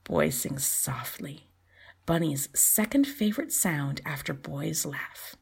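Woman storyteller, low-pitched, breathy and gravelly, soft near-whispered reading. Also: takes it slowly. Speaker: podcast host and storyteller. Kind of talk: storybook narration.

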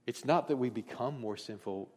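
A middle-aged pastor preaches a sermon in a medium-pitched, slightly mellow voice at a normal speed. He tells stories in a conversational, candid way, and the recording carries the long reverb of a large hall.

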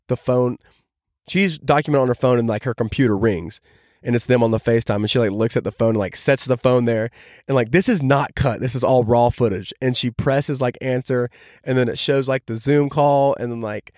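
A man's voice: medium pitch, steady tone, fairly quick, a little mellow, no echo, clean studio sound. A young man hosting a podcast, telling a story in a casual, enthusiastic way and filling his talk with "like". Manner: enthusiastic, heavy use of "like" fillers. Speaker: podcast host.

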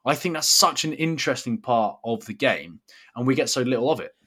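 A man's voice: medium pitch, expressive, fairly quick, fairly bright tone. A man co-hosting a casual podcast over a remote call, making dry, wry remarks. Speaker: podcast co-host. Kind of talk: casual chat. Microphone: remote call mic.

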